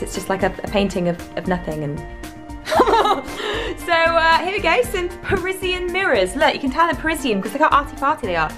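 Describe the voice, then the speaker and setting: A young woman, chatting jokily in a travel vlog. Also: high-pitched. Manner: jokey, playful, animated. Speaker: vlogger. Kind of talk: casual vlog chat.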